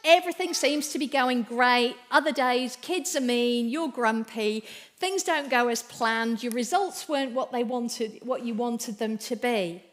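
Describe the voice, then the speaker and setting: A woman with a high voice leads an all-age talk in church, taking her time over each phrase. She is playful and encouraging and keeps turning to speak straight to the children. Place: church hall.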